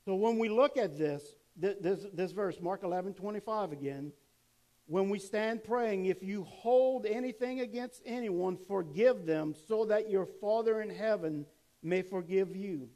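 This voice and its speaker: A man's voice: high voice, measured pace, poor audio. A male pastor preaching a sermon, reading scripture aloud, commenting between verses and asking the congregation questions he then answers. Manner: turns quiet and soft when telling a family story.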